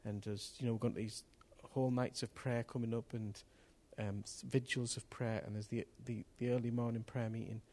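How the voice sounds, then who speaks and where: Man, pastor, sermon, fervent swells, middle pitch, church room. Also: little pitch movement, moderate pace, hardly any pauses. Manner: impassioned, rising to loud outbursts. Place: church hall with congregation.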